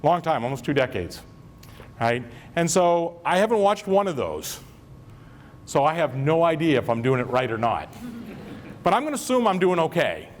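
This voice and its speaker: A man's voice: a little high, sing-song, normal speed, slight background noise. A man who is a school superintendent giving an informal, joking talk to school staff at a convocation. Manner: informal, joking, repeats phrases.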